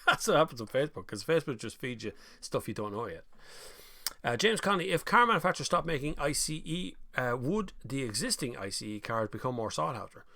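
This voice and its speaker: A man's voice: mid-range voice, sing-song, a little fast, creaky, pushed and bright, no room sound, studio quality. A man with an Irish accent hosting a live stream, chatting casually and reading out viewer comments, with mocking voices when he quotes people.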